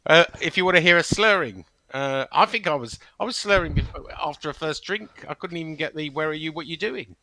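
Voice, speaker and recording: A man's voice: fairly high pitch, brisk, few pauses, sharp tone, no room sound. A man hosting a podcast in casual chat, jokey and often stumbling over his words. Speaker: podcast host.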